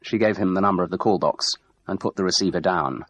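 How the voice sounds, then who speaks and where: A man narrating an audiobook with steady, expressive storytelling. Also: sits low, fast talker, muffled recording. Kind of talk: scripted narration.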